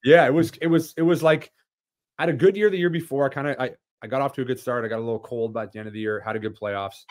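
A man's voice: medium pitch, quick pace, no room sound. A man as a podcast guest, telling stories in casual chat with frequent restarts and fillers. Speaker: podcast guest, former hockey player.

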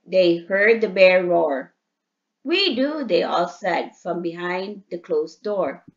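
A woman reading a children's storybook aloud to a child in a lively, emphatic way. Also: lowish voice, takes it slowly. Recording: dull lo-fi sound.

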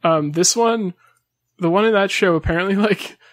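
A man's voice: sits high, normal speed, no room sound, studio quality. Man co-host telling a rambling story. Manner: rambling storytelling with many fillers. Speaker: podcast co-host. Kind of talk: casual chat.

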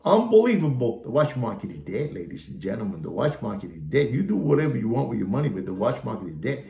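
Theatrical ranting man, gravelly voice. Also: fairly low pitch, expressive, fast, a little mellow. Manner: theatrical, repetitive catchphrases, mocking insults; slips into Spanish asides. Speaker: watch market commentator. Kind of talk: ranting market update. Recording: echoey room with faint guitar music.

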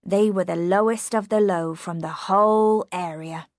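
A woman reading a storybook, voicing a rough but kindly male coachman who speaks in a soothing, steady way. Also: mid-range voice, a little slow, no room sound, studio quality, natural voice. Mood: grave.

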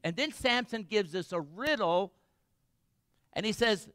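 A man's voice: a little high, animated, normal speed, fairly bright tone, dry recording, clean studio sound. A man pastor preaching a sermon, retelling a story dramatically and asking the congregation questions.

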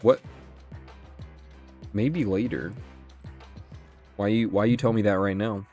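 A young man giving excitable gameplay commentary, thinking aloud about his moves and swearing often. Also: fairly low pitch, slow pace, soft background music. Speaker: gaming channel host.

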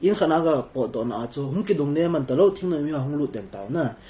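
A man interpreting a rabbi's class, talking quickly and trailing off at the ends of phrases. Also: fairly high pitch, animated. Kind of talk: rapid spoken translation. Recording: dull lo-fi sound with faint room noise.

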